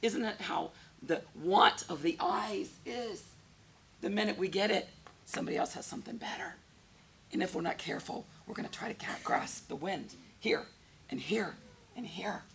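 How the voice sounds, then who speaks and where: A woman's voice: medium pitch, moderate pace, vocal fry, fairly bright tone, a little hiss or hum. A woman preaching a sermon in a conversational way, often putting questions to her congregation.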